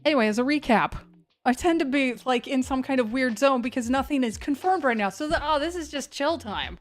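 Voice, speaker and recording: A woman's voice: high-pitched, a little fast, faint music behind. A woman hosting a live severe weather stream in a chatty, scattered, self-mocking way. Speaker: severe weather livestream host. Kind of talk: casual live commentary.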